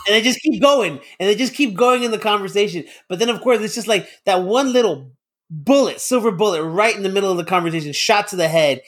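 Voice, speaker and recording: Excitable high-voiced man chatting. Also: fast. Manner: excitable, laughs often, swears freely. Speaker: podcast co-host. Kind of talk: casual chat.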